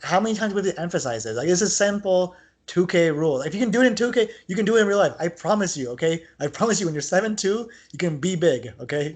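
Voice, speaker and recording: Rambling, slightly high-voiced man. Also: breathy edge. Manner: animated, rambling, lots of "like". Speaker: podcast co-host. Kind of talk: casual sports chat.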